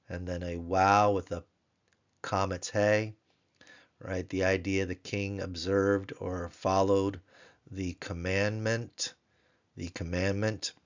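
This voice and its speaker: Low-voiced man teaching a grammar lesson. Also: clean tone, dull audio. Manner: patient, spells words out slowly and repeats them.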